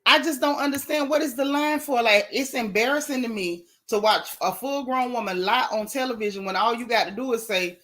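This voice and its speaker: A woman's voice: on the high side, fairly quick, few pauses. Sassy woman gossiping. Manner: sassy, animated, colloquial storytelling. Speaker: host of a live gossip stream. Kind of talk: casual gossip chat, greeting live chatters.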